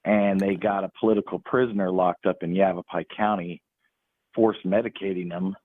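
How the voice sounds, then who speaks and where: A man's voice: low voice, fairly even intonation, moderate pace, no echo. A man calling in to a live show, hesitant and earnest with many ums. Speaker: caller. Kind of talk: phone call-in. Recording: tinny phone line.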